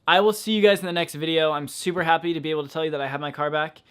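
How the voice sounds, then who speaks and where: A man's voice: fairly high pitch, steady tone, rapid-fire, a bit bright, smooth, dry recording. A young man vlogging casually outdoors around his car, talking frankly and swearing in exasperation. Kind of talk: casual vlog.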